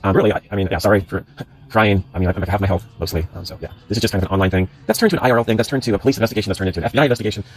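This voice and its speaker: A man's voice: lowish voice, racing, hardly any pauses, husky. A man hosting his own channel, reading out comment screenshots aloud and breaking in with rambling, sarcastic asides. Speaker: channel host.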